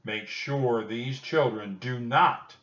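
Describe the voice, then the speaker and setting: A man voicing a stern, commanding army general in a storybook reading, speaking forcefully. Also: mid-range voice, slow, far from the mic, lo-fi sound, pitched above the performer's own voice.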